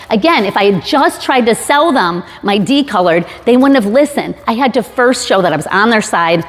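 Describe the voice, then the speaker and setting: A woman's voice: a little high, expressive, normal speed, few pauses. A woman giving a casual sales talk to a live audience, chatty and jokey with many fillers and restarts. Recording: long hall reverb.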